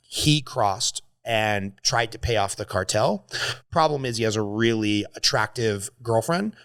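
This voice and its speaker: A man's voice: on the low side, a bit bright, no echo. A man hosting a podcast, telling a story with strong feeling and swearing as he talks. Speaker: podcast host. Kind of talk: casual podcast conversation.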